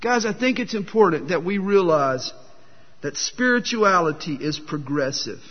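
A man's voice: sits high, lively intonation, normal speed, breathy edge. A man preaching a sermon, telling folksy jokes with a self-deprecating humor, recorded in a dull, echoey hall. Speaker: pastor.

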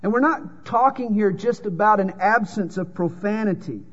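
A man's voice: high voice, normal speed, a bit bright, breathy edge. A man with a Southern US drawl preaching a sermon, telling folksy jokes and reading scripture. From American South. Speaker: pastor. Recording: dull lo-fi sound with long hall reverb.

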